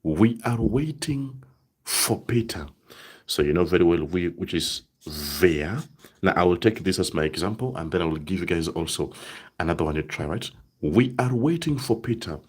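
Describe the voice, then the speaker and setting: A man teaching a live online German lesson, saying example sentences slowly and checking in with "right?" often. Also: low-pitched, lively intonation, husky.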